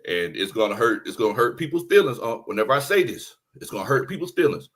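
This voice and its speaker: A man hosting a casual sports talk show, laid-back and animated, repeating his catchphrases as he greets listeners. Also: medium pitch, fast, slightly rough.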